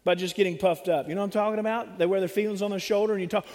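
A man with a high voice preaches a sermon, animated and full of humor, slipping into the voices of other people. His voice rings with the long reverb of a church sanctuary. He talks plainly and directly to the congregation. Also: very fast.

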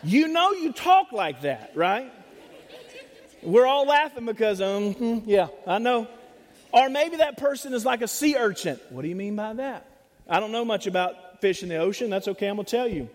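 High-voiced preacher in a reverberant church. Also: male voice, moderate pace. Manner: animated, humorous, acts out voices of others. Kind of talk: sermon. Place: church sanctuary. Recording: long hall reverb.

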